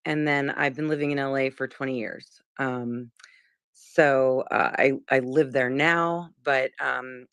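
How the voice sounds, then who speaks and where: A woman's voice: a bass voice, fairly even intonation, unhurried, a bit bright, smooth, no room sound. Woman, forties, from South Jersey, chatty witness, rambling, dry close sound. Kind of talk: casual recounting.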